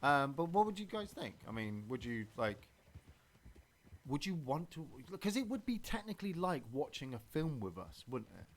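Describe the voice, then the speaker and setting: A man's voice: fairly high pitch, big pitch swings, moderate pace. A man hosting a gameplay stream, talking casually and rambling, with many fillers and restarts. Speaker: streamer and podcast host.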